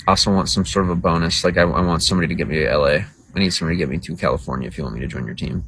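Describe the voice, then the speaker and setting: A man's voice: low voice, racing, creaky, a bit bright, breathy edge, rough recording. A man livestreaming to viewers in casual talk, crude, boastful and rambling. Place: outdoors by a road.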